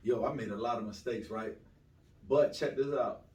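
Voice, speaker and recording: A man's voice: mid-range voice, normal speed, darkish tone. A young man from South Florida, a guest telling stories in a slangy, swaggering casual interview. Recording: roomy, distant mic with faint ambience.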